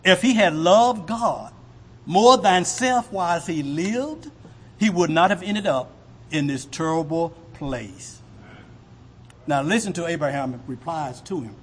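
A man preaching a sermon with a husky voice, asking the congregation rhetorical questions. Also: fairly high pitch, expressive, slow pace, fairly bright tone. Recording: long hall reverb.

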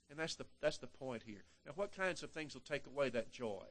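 An older male preacher giving a sermon, with emphatic delivery that swings between loud and hushed passages and frequent repeated words. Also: medium pitch, lively intonation, a little fast, hardly any pauses.

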